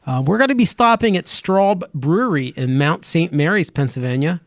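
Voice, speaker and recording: A man with a fairly high speaking voice runs through a list of upcoming events on a podcast, loose and a little jokey. He is recorded close and dry in a small studio. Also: animated, moderate pace, no echo. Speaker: podcast co-host. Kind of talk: casual chat.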